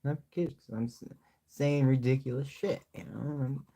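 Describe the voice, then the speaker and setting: A man's voice: medium pitch, moderate pace, gravelly, mellow. A young man talking loosely while painting on a live stream, joking to himself and his chat and swearing freely. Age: young adult.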